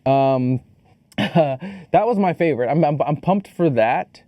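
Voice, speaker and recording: A man's voice: on the high side, expressive, slow, no echo, lo-fi sound. A man co-hosting a film podcast in casual chat, joking playfully and using crude slang. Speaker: podcast co-host. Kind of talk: casual chat about films. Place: studio filmed with two cameras.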